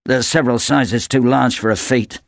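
A man's voice: medium pitch, steady tone, moderate pace, creaky, no echo, clean studio sound, close to an everyday voice. A man voicing a gloomy father who speaks mournfully.

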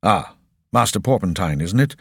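A man reading an audiobook, voicing a gruff older male security officer who is deferential but evasive. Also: low-pitched, animated, moderate pace, no echo, studio quality, full character voice.

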